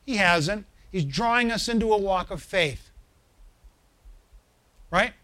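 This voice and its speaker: A man's voice: sits high, animated, slow, bright, forceful tone. A man preaching a sermon as pastor, building to emphatic swells and checking in with the congregation through questions.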